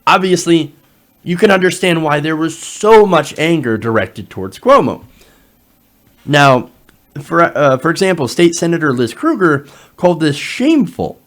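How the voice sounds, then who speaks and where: Animated, lively-voiced male political commentator. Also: on the high side, moderate pace. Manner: animated, sarcastic asides, frequent fillers. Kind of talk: reading an article aloud with running commentary.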